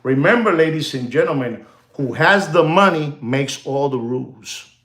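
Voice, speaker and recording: A man's voice: a little high, expressive, normal speed. A man casually talking watches and the gold market to his viewers, rambling and repetitive, dropping "you know" and bits of Spanish slang. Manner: chatty, repeats phrases, many "you know"s, slips into Spanish slang; hypes and jokes with the audience, calls them "ladies and gentlemen". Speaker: watch dealer and market commentator. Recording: roomy echo.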